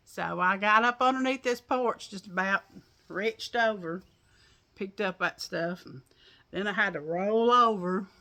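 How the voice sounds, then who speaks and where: Bright-voiced folksy woman. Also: on the low side, vocal fry. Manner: folksy, chatty storytelling with laughs. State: out of breath. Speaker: crochet vlogger. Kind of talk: casual chat to viewers. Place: outdoors on a porch.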